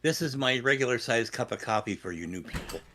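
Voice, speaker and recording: A man's voice: mid-range voice, expressive, fairly quick, crowd noise. A British man co-hosting a casual livestream chat, chatty and wry. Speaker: podcast co-host.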